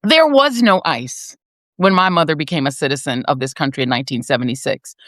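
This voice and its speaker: A woman's voice: lively intonation, brisk, fairly bright tone, dry recording, clean studio sound. A woman in her fifties giving emphatic, sardonic political commentary as a panel guest. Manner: emphatic, sardonic, swings between high and low.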